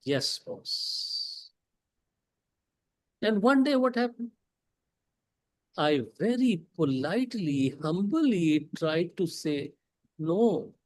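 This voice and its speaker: A man with a Pakistani English accent giving a prepared motivational speech at a club meeting, emphatic, with dramatic pauses and rhetorical questions. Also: high voice, animated, a little mellow, poor audio. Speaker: club speaker. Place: meeting hall.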